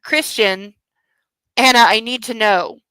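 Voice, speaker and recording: A woman voicing a controlling, possessive young husband, speaking low and commanding. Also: slow pace, sharp tone, smooth, no echo, low-quality recording.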